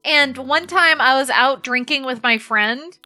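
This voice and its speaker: Chatting casually while she plays, a female streamer tells animated stories to her viewers and curses without holding back. Her voice is high and bright with a measured pace, over faint game music.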